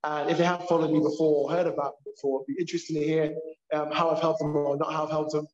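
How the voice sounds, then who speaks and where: London man, purpose coach on a podcast, quick and a bit high, emphatic, echoey lo-fi audio. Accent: London English. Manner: animated, emphatic storyteller. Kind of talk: casual podcast conversation. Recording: echoey, dull lo-fi sound.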